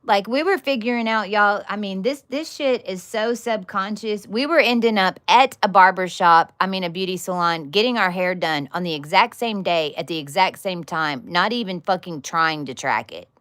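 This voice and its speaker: A spiritual teacher gives a casual teaching talk to her followers, blunt and emphatic, swearing freely and repeating words in bursts. Her voice is medium-pitched and a bit bright, moving at a moderate pace with few pauses.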